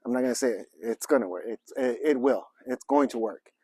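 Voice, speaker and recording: A man's voice: medium pitch, fairly quick, darkish tone, husky, no echo. Breathless chatty man vlogging outdoors. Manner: chatty, rambling, self-joking. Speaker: vlogger, small shop owner. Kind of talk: casual vlog chat while working. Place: outdoors by a trailer and yard.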